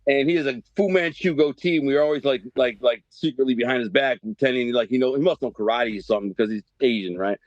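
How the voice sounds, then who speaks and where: A middle-aged man, from Detroit, telling his life story as a podcast guest in a streetwise, animated way and acting out the voices in his quotes. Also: mid-range voice, quick pace, hardly any pauses, no room sound. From Detroit, USA. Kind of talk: casual storytelling. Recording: dry, dull podcast audio.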